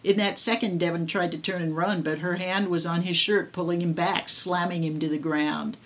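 A woman, the author, reading her own horror story aloud in a measured storytelling way. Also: lowish voice, fairly even intonation.

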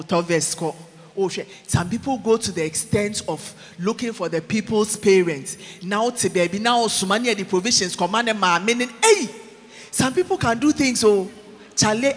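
In a church with big-room sound, a man delivers a lively sermon that blends English and Twi, moving between shouting and quiet asides.

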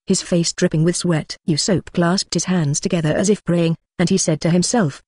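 Husky text-to-speech audiobook narrator. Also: medium pitch, a little fast, hardly any pauses, no room sound, studio quality. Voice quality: flat text-to-speech delivery, reads symbols as words. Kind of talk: synthetic narration reading punctuation aloud.

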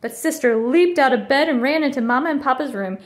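A woman reading a children's picture book aloud in an expressive, animated way. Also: high-pitched, a little fast. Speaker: storybook reader.

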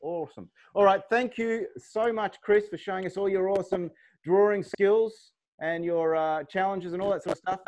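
A man hosting a livestream word game, energetic and often laughing as he counts down. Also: high-pitched, moderate pace. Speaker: livestream host.

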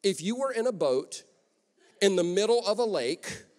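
A man preaching a lively sermon as pastor, conversational and joking, in a large church hall. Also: high-pitched, normal speed. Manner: energetic, conversational, joking asides. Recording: long echo of a church hall.

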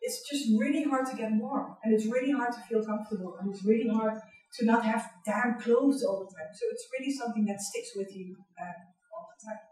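A middle-aged woman with a Dutch accent, giving a candid, personal university lecture in a large hall, often pausing on "um" and checking in with "right?". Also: fairly high pitch, warm tone. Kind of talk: public lecture. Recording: echoey hall, distant mic.

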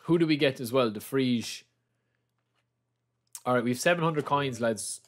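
A man's voice: mid-range voice, moderate pace. A man with an Irish accent commenting live on a stream while opening player packs, repeating his exclamations and calling his viewers lads. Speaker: game streamer.

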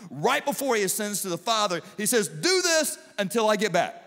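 Animated preacher in a reverberant hall. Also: male voice, high voice. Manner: animated, acts out biblical figures in quick asides. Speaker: pastor. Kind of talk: sermon. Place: large church auditorium.

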